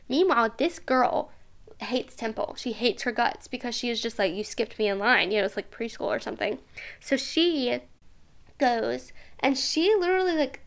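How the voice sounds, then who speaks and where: Telling a personal story on her podcast, a young female host rambles casually with lots of fillers and laughs often. Her voice sits high, creaky yet a bit bright.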